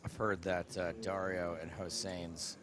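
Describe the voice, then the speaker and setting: A man's voice: low-pitched, little pitch movement, unhurried, noisy background. A man commentating a live poker stream, bantering in a dry, joking way.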